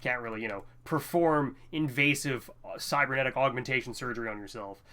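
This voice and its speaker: A man's voice: medium pitch, a little fast, sharp tone. A man giving casual, rambling commentary while playing a video game, often tripping over words. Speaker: let's play host.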